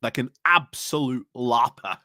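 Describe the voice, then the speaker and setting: A man's voice: medium pitch, animated, measured pace, sharp tone, no echo, clean studio sound. Man chatting loosely about politics. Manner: rambling, frequent fillers and restarts, laughs while talking. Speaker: podcast panelist. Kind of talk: casual political chat.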